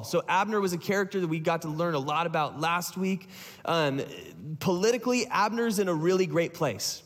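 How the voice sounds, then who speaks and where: High-voiced man preaching casually. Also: moderate pace, big-room sound. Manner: casual, joking storytelling. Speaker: pastor. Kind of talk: sermon.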